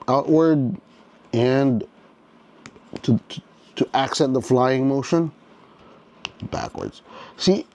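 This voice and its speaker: A man talks his way through a toy figure at an easy, unhurried pace, his pitch sitting in a middle range. He thinks aloud, restarts his phrases and keeps checking in with the listener, his enthusiasm for the figure plain in every remark. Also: mellow, dull audio. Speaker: toy reviewer. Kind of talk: casual unboxing commentary.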